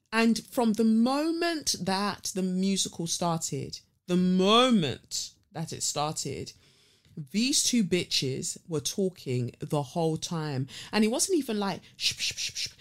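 A young woman, telling a story as a blunt, animated and sweary rant. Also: mid-range voice. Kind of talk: ranting storytelling.

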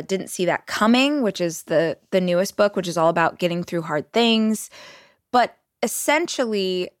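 A woman's voice: mid-range voice, fairly bright tone, no echo, clean studio sound. A woman hosting a motivational podcast, speaking earnestly and directly to her listeners. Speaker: podcast host.

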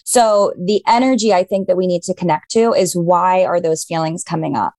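A woman's voice: on the low side, moderate pace, darkish tone, no room sound. Enthusiastic young woman host, dry sound. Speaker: podcast host and tarot reader. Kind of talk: casual chat and tarot reading.

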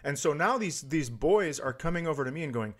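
A man's voice: on the high side, lively intonation, brisk. A man in his forties co-hosting a comedy podcast, chatting in a wry, easygoing way. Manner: wry, easygoing, laughs along. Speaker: podcast co-host. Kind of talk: casual comedic chat.

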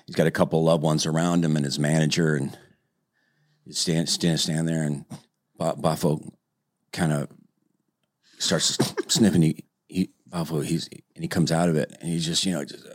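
A man's voice: rumbling low, fairly even intonation, moderate pace, pauses often, no echo, studio quality. A man telling a long joke in casual conversation, rambling a little and acting out the characters. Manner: rambling storytelling with restarts and acted-out voices. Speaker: joke teller in casual group chat. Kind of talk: casual chat, telling jokes.

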